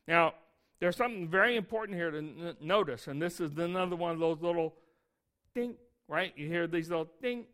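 A man's voice: on the high side, lively intonation, moderate pace, fairly bright tone. A man preaching a sermon, explaining scripture in a conversational way with frequent rhetorical questions and reading verses aloud with emphasis. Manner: conversational Bible teaching with asides and rhetorical questions. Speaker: pastor.

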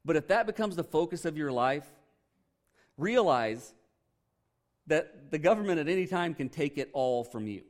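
A man's voice: a little high, lively intonation, normal speed, long pauses. A man, a pastor preaching a conversational sermon with candid, joking asides.

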